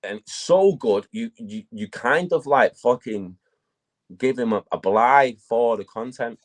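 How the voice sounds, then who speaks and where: A man, a battle rapper, telling stories in a casual interview, profane and animated. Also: mid-range voice, unhurried.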